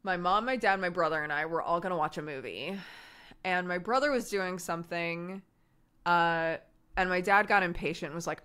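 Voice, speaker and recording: A woman streamer telling family stories in casual chat, animated and laughing often. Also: lowish voice, moderate pace, clean tone.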